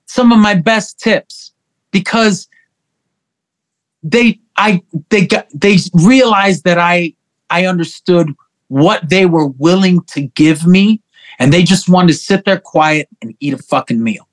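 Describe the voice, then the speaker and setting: A middle-aged man chats as an interview guest, telling stories in an animated, profane way. His voice sits a bit higher than most men's. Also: slow. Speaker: guest musician. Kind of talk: casual interview chat.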